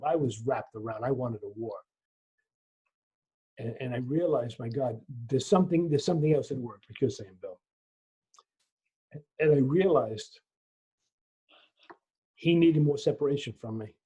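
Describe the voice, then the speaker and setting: A man lecturing in a Q&A over a video call, telling a personal story in an animated way, acting out dialogue and often restarting his sentences. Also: mid-range voice, breathy edge. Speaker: lecturer answering questions. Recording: muffled lo-fi video call audio.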